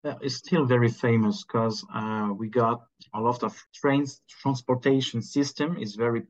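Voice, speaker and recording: French man, careful halting English. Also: medium pitch, steady tone, muffled recording. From France. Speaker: podcast guest. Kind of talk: casual chat.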